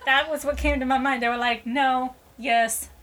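A woman's voice: high voice, steady tone, fast talker, a bit bright, slight background noise, poor audio. A young woman co-hosting a podcast, telling a story casually with sarcasm, laughs and silly voices. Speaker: podcast co-host.

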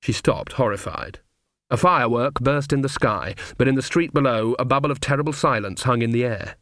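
A man narrating a comic fantasy audiobook in measured scripted narration. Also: mid-range voice, a bit bright, dry recording, studio quality.

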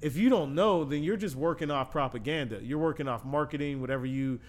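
A man's voice: on the high side, a little fast. A man hosting a podcast, speaking thoughtfully and affirming his guest, with frequent casual fillers. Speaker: podcast host. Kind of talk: reflective podcast conversation.

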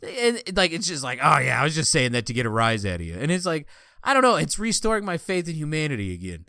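Lively bright-voiced young man. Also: fairly high pitch, fast, no echo, clean studio sound. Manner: animated, acts out other players' lines with laughing. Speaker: podcast co-host. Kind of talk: casual chat, storytelling.

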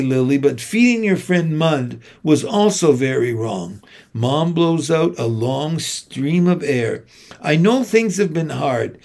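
Slow, gravelly male audiobook narrator. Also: a little high. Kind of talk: first-person audiobook narration.

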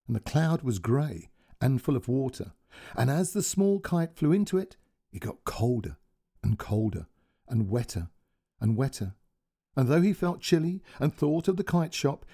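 Mellow, husky male storyteller. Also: medium pitch. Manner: gentle, expressive. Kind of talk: scripted storybook narration.

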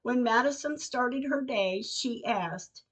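Slow, heartfelt older woman reading her diary. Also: on the high side, husky. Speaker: podcast host. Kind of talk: reading personal diary entries aloud. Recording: dull lo-fi recording.

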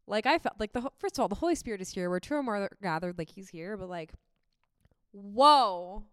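A young woman speaks on a faith podcast, earnest and close to tears at times, filling her sentences with "um" and "like". Her voice is smooth and clean. The recording is dry, with no room sound. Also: mid-range voice, animated, racing, dry recording. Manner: heartfelt, emotional, many fillers like "um" and "like". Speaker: podcast co-host.

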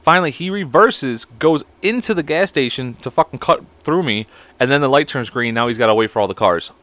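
A man's voice: mid-range voice, animated, a little fast, a bit bright, dry recording. Profane, rambling man on a solo podcast. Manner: crude, profane, rambling and self-mocking. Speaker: podcast host. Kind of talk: casual solo podcast chat.

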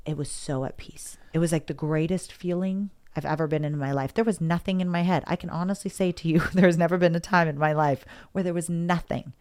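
A woman with a slightly low voice tells a personal story candidly. She rambles and repeats herself, with emotion running through her talk. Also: fairly even intonation, quick pace, few pauses, darkish tone, clear, resonant tone. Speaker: guest.

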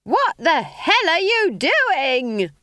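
A woman voicing an earthy, blunt, bawdy old witch who yells loudly. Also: extremely high pitch, wildly swooping pitch, extremely slow, no room sound, clean studio sound, voice pushed up, full character voice. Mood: shouting.

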